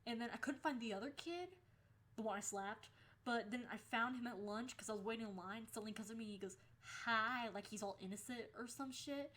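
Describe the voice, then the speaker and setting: A young adult woman talking casually in a storytime vlog. She is animated, swears freely and acts out the lines people said. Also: on the high side, quick pace. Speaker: vlogger.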